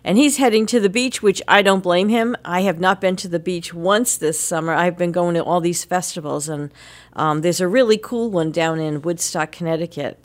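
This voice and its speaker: Chatty middle-aged woman radio host. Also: fairly low pitch. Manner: chatty storyteller, laughs often. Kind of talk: casual morning radio chat.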